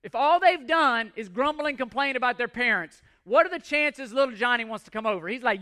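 A man's voice: very high-pitched, animated, brisk, few pauses, pushed and bright. A man preaching a sermon, emphatic, repeating phrases and reading scripture aloud. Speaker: pastor.

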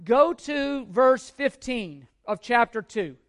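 A man's voice: extremely high pitch, animated, slow pace, a bit bright. A man preaching a teaching sermon, earnest and emphatic, repeating key points and asking rhetorical questions of his listeners. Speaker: pastor.

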